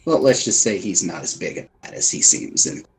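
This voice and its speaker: A man's voice: low-pitched, very animated, a little fast, breathy edge, full character voice. A man voicing a scheming adult man who speaks in a sly, falsely friendly way.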